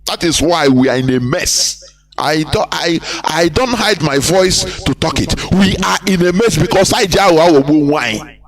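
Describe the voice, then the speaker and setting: A man's voice: on the high side, normal speed. A man from Nigeria, delivering impassioned political commentary on a live broadcast and asking rhetorical questions. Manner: impassioned, rhetorical questions, mixes in Igbo phrases. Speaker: activist broadcaster.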